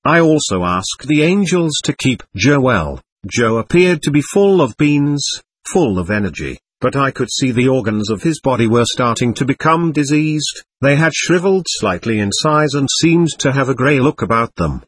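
A man giving an even, measured first-person memoir narration into a close mic. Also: medium pitch, slightly rough, no room sound. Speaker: audiobook narrator.

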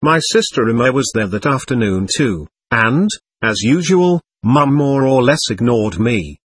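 A man giving an even, measured first-person memoir narration into a close mic. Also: medium pitch, husky. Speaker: audiobook narrator.

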